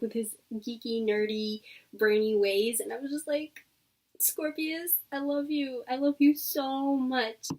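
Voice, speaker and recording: Woman, book vlogger, higher voice, effusive, casual chat, a bit distant from the mic. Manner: gushing, effusive, peppered with "like".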